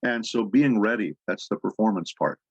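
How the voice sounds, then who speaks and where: A man's voice: on the low side, lively intonation, moderate pace, breathy edge, no room sound, dull audio. A man speaking as a voice actor guest on a convention panel, telling stories with jokes. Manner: anecdotal, jokey storyteller.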